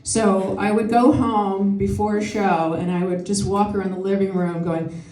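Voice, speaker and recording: A woman's voice: medium pitch, level tone, moderate pace, warm tone, a little hiss or hum. Chatty woman doing stand-up, echoey and distant. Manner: chatty, self-deprecating, laughs at own jokes. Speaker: stand-up comedian and emcee. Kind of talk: stand-up comedy set. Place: comedy show venue with live audience. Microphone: no microphone, picked up from afar. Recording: echoey room picked up from a distance.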